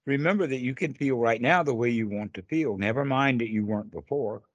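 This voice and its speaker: A man's voice: medium pitch, fairly quick, no room sound, dull audio. A man teaching meditation on a call, earnest and repetitive, often acting out inner dialogue. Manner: earnest, repeats phrases, acts out inner dialogue. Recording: call audio.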